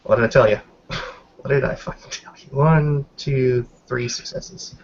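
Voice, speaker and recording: A man's voice: mid-range voice, unhurried, a little mellow. A man playing a tabletop role-playing game, counting his dice rolls aloud and swearing casually as he describes his character's moves. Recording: dull lo-fi recording.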